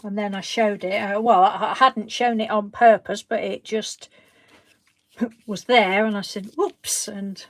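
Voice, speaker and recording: A woman's voice: mid-range voice, steady tone, a little slow, fairly bright tone, no room sound. A woman, hosting a craft live stream in a chatty, rambling way, laughing often. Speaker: craft channel host. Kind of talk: casual live-stream chat.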